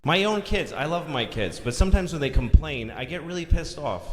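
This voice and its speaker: A middle-aged man doing a stand-up comedy routine on a large theater stage, telling stories with lively voices and shouted punchlines. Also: on the high side, fairly quick, slight background noise. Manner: animated storytelling, acting out voices, shouting punchlines. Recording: live hall recording with crowd laughter. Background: audience laughter.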